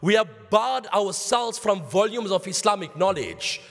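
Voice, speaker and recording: A high-pitched man with a South African accent delivers a sermon, telling stories and calling his listeners brothers while slipping in Arabic phrases. His voice rings through the long reverb of a mosque hall. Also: expressive, unhurried, creaky, a bit bright. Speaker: Islamic lecturer.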